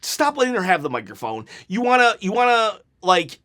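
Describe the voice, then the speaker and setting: A man casually reviewing a wrestling show, rambling and animated, with plenty of filler words, sarcastic asides and quick laughs. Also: high-pitched. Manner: sarcastic, mock-quoting wrestlers in put-on voices; laughs while talking.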